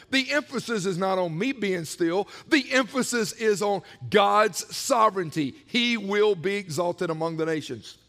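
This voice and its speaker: Man, pastor, sermon, high voice, very lively pitch. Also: a little slow, hardly any pauses, big-room sound. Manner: animated preaching, acting out prayers in quoted voices.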